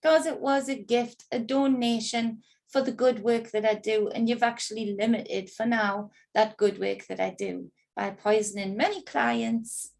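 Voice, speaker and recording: Indignant gravelly woman. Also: fairly high pitch, steady tone, a little slow, few pauses, a little mellow. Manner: agitated, indignant, swears freely. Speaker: spiritual reader recounting an ordeal. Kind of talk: emotional personal monologue.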